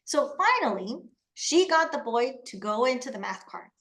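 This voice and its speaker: A woman from Panama, presenting a webinar and telling lively personal anecdotes. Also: fairly high pitch, a little fast. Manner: animated storytelling, acts out quoted voices.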